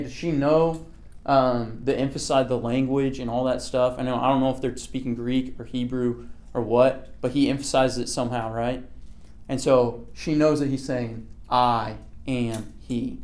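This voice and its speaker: A man's voice: mid-range voice, darkish tone. A man leading a casual Bible study, talking through a passage in a conversational way, often checking in with "okay" and asking the group questions.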